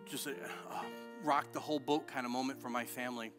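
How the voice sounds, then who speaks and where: A middle-aged male pastor preaching a sermon with passion, rising at times to shouting. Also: medium pitch, fairly even intonation, fast, over music. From Illinois. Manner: impassioned preaching that builds to shouting. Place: church sanctuary.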